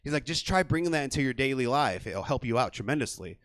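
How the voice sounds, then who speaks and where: A man's voice: medium pitch, expressive, quick pace, a bit bright, no echo. A man hosting a stand-up comedy night with a loose, crude and rambling delivery on a small theater stage. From California. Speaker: comedy show host.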